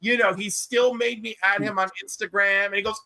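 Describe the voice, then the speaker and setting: A man chatting casually on a panel, telling lively stories and acting out what people said. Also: high-pitched, fairly quick, few pauses, no echo. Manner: animated storyteller, acts out quoted voices. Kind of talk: casual chat.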